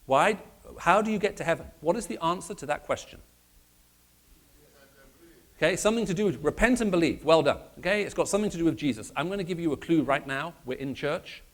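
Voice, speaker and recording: A man with a British accent, raised in the Middle East, giving a lively conversational apologetics talk in a church and questioning his audience. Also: a little high, a little fast. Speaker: speaker.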